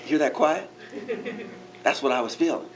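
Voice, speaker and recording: A man's voice: on the high side, normal speed, slight background noise. A man, a park ranger, telling a first-person historical character story to a live audience in a theatrical, playful way, with frequent chuckles and asides to the listeners. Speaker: park ranger giving a living-history talk.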